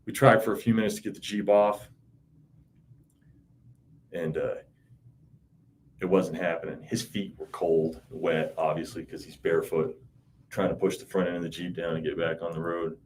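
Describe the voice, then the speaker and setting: A man's voice: low-pitched, steady tone, normal speed, long pauses, slight background noise. A man in his thirties in an interview, recounting events in a rambling, profane, casual way with frequent "you know". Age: 30s. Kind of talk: casual spoken recollection.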